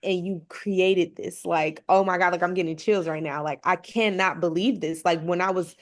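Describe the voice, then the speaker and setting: A woman's voice: lowish voice, fairly even intonation, moderate pace. A woman who runs her own business, speaking at a panel conversation with heartfelt candor. She fills her talk with "like.". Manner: heartfelt, sprinkled with "like". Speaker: mother.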